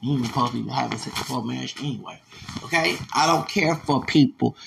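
A man's voice: fairly high pitch, gravelly, fairly bright tone. A man hosting a podcast, delivering an angry, profane, confrontational rant that circles back on itself. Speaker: podcast host. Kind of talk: angry ranting monologue.

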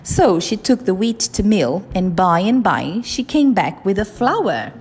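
A woman reading children's stories and fables aloud in a slow, expressive, sing-song way. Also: mid-range voice, breathy edge. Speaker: storyteller. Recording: reverberant with soft music.

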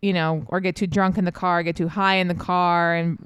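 A woman's voice: lowish voice, flat delivery, fairly quick, fairly bright tone, clear, resonant tone, dry recording. Playful woman riffing on a comedy podcast. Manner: playful, riffing and giggling along. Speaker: podcast co-host. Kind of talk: improvised comedy recap.

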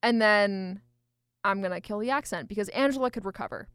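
A woman's voice: mid-range voice, a little fast, a bit bright, clean tone, dry recording. A woman co-hosting a casual chat, effusive and laughing, stammering as she agonizes over choices. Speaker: podcast co-host.

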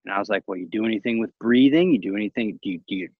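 A man's voice: lowish voice, very fast, breathy edge, dry recording. Guy telling a story in a casual chat, does the voices, dry sound, kinda muffled. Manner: animated, acts out quoted voices, laughs often.

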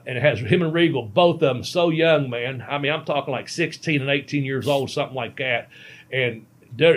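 Brief: ex-wrestler, mid-range voice, loose and folksy, telling road stories. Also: male voice, mid-range voice. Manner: rambling, folksy, laughs at himself. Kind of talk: casual storytelling on a podcast.

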